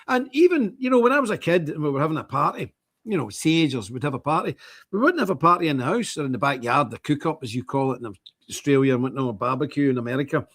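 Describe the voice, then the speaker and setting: A middle-aged man with a husky, somewhat high voice. He rants with swooping, animated pitch, scornful and impassioned, as a live stream host. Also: fast talker. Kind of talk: impassioned commentary.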